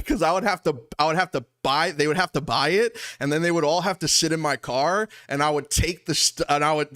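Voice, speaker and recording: This Long Island streamer's voice is a little high with a fairly bright tone. Reacting to a livestream, the young man rambles indignantly and repeats himself in heated commentary.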